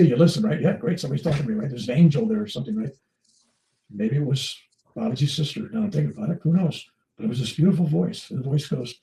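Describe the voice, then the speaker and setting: Older male guest, animated storyteller, mellow tone, acts out voices; roomy, distant mic. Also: fairly high pitch, creaky. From United States. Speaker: interview guest. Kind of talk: storytelling in casual conversation.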